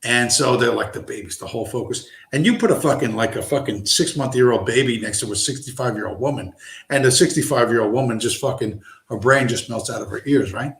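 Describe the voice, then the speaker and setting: A man's voice: medium pitch, a little fast, a bit bright. A man streaming, telling a rambling story with heavy swearing and constant asides. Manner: profane, digressive, lots of fillers. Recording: roomy echo.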